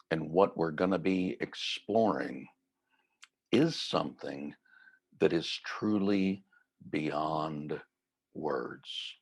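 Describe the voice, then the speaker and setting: A middle-aged man giving a reflective, gently conversational mindfulness talk. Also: very deep voice, breathy edge. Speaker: mindfulness teacher.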